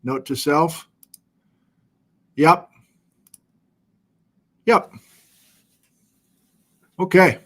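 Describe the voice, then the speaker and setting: A middle-aged man with a slightly high voice hosts a casual livestream from a home studio. He chats loosely and pokes fun at himself while reading out viewer locations. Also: very slow, pauses often, fairly bright tone. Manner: chatty, self-deprecating, reads viewer locations aloud. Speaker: livestream host. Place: home studio with document camera.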